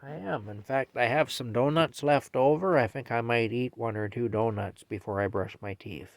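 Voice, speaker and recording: An older man with a gravelly voice that keeps slipping into fry, talking casually at bedtime. He rambles, repeats himself and talks gently to his cat, in a middle-pitched voice. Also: normal speed. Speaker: vlogger. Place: small camper in a field, at night.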